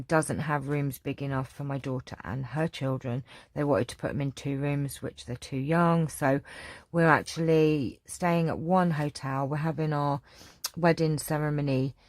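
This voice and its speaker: A middle-aged woman from England speaks with an English accent in a low-pitched voice, recorded with no echo. She chats casually and rambles, saying "um" a lot as she answers viewer questions.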